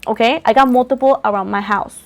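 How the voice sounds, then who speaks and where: A tarot channel host, she speaks fairly quickly in a higher register. She chats casually with viewers, rambles and repeats herself a lot, and her voice sounds a bit rough from coughing.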